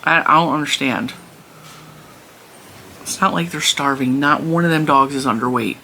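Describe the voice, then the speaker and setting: A woman's voice: rumbling low, normal speed, pushed and bright, slight background noise. A woman, hosting a crochet vlog and chatting on in a rambling way at home, laughing often. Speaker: crochet channel host. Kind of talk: casual chat to camera. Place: home room.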